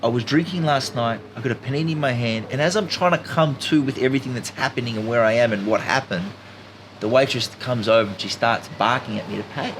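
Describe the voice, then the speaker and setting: A man in casual conversation, spinning a lively tale with plenty of emphasis. His voice sits in a middle register. A steady noise runs behind him. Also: mid-range voice, fast. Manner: animated, emphatic storyteller. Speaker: podcast guest. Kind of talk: casual storytelling chat.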